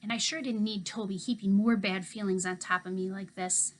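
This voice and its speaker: A woman teacher reading a children's novel aloud in expressive first-person storytelling. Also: medium pitch, moderate pace.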